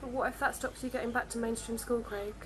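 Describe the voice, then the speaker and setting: A woman from a school's staff asks calm, probing questions. She talks very fast in a fairly high voice. Faint noise runs in the background.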